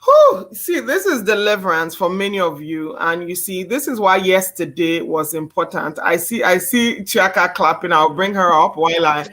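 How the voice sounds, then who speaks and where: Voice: medium pitch, moderate pace, hardly any pauses, bright, forceful tone. A host running a talk, encouraging and affirming the speaker with eager interjections. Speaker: host of an online summit. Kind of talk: hosting a talk.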